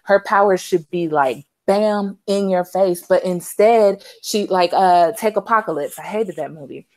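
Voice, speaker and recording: A woman co-hosting a casual live movie review, talking in an animated, emphatic and opinionated way. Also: lowish voice, a little slow, dry recording. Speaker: podcast co-host.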